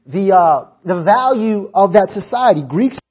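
A man's voice: sits high, lively intonation, unhurried, breathy edge, lo-fi sound. A man preaching a sermon, reading scripture and asking the congregation to answer back.

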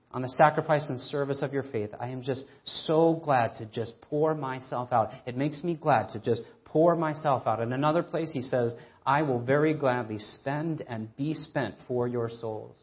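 A man preaching a sermon, earnest and emphatic, asking rhetorical questions and slowing down to stress scripture readings. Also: mid-range voice, muffled recording.

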